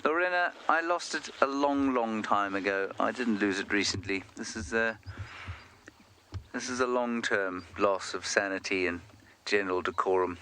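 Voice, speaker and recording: A man's voice: on the low side, moderate pace, sharp tone. A man guiding a live safari drive, joking and chatting with viewers in a self-mocking way. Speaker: safari guide presenting a live game drive. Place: outdoors in the bush. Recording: outdoor field mic with clear nature noise.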